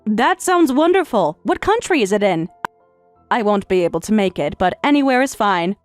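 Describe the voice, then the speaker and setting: A woman voicing a middle-aged stepmother, speaking in a calm, detached and formal way. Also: medium pitch, normal speed, no echo, faint music behind, natural voice. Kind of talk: story narration with voiced roles.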